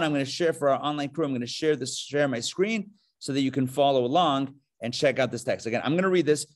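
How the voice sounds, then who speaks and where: A man's voice: medium pitch, animated, fast, hardly any pauses. A male rabbi teaching a live class, joking and drawing questions from the room. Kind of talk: live interactive lesson. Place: classroom before a live audience.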